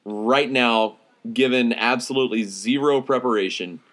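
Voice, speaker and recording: A man's voice: mid-range voice, moderate pace, fairly bright tone. A man co-hosting a casual sports podcast, chatting and teasingly quizzing his co-host.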